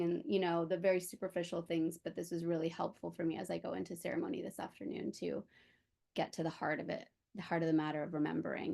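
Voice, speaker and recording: A woman's voice: fairly low pitch, flat delivery, quick pace, creaky, mellow, husky. A mother in a prayer circle on a video call from her daughter's room, sharing heartfelt and emotional, chatty and open.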